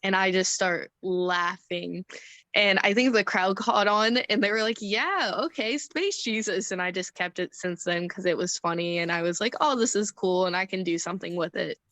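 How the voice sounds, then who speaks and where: A woman's voice: lowish voice, fairly even intonation, moderate pace, fairly bright tone, dry recording. Chatty laughing young woman, dry sound. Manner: chatty, laughs often, acts out quotes. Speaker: wrestler interview guest. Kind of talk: casual storytelling interview.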